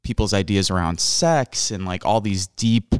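A man's voice: on the low side, normal speed, clean tone, no room sound, studio quality. A man hosting an interview, talking casually and rambling a bit, with many "like" fillers. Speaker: host. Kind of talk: conversational interview.

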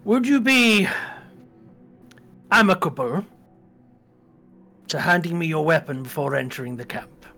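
A man's voice: on the high side, lively intonation, unhurried, pauses often, sharp tone, soft background music, full character voice. A man voicing a stern knight who gives orders and questions a stranger formally. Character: stern male knight, cautious and commanding. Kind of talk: tabletop role-play.

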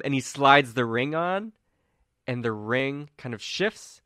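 A man narrating as game master in a relaxed way, with many fillers. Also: mid-range voice, slow, clean tone, no echo, studio quality.

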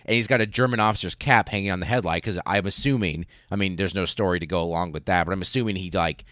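Male podcast host with a low voice. Casual, excitable and profane storyteller with many fillers, recorded dry. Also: fast talker, no room sound.

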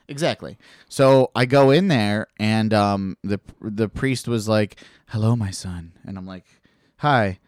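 A man's voice: on the low side, a little slow, clean tone, dry recording. A man spins a long personal story in loose, profane podcast talk. He jumps into the voices of the people he quotes. The sound is dry and close, with no room around it. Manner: animated, swearing, acts out quoted voices. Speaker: podcast guest telling a story. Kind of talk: casual storytelling chat.

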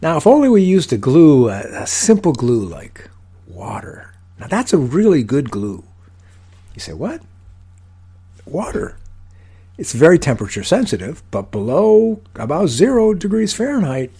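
Older guy, husky voice, woodworker chatting about his shop mishaps, jokey and animated. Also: medium pitch. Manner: animated, self-mocking, dry humor. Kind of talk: casual storytelling. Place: podcast recording.

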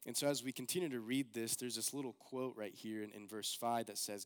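A young man delivers a sermon in an easygoing, conversational way. His pitch sits in the middle. He is earnest and fills his sentences with casual "like"s. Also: fairly even intonation, fairly quick, few pauses, clear, resonant tone. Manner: casual, earnest, heavy use of like.

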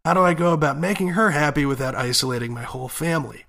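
A man co-hosting a casual podcast, reading a listener's letter aloud and reacting with animated, profane outrage. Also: on the high side, fast talker, vocal fry. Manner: animated, swears freely, reads letters aloud. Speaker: podcast co-host.

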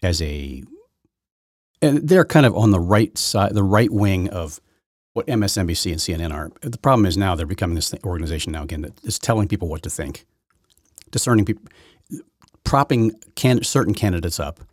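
Rambling opinionated man, husky low voice. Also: lively intonation, brisk, dry recording, clean studio sound. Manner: rambling, frequent restarts and repeated words. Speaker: podcast host. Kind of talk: opinionated solo commentary.

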